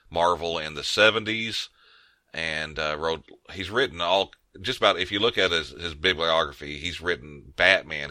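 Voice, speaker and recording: A man's voice: extremely low pitch, sharp tone, no echo. A man co-hosting a podcast in casual chat, rambling with frequent restarts. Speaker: podcast co-host.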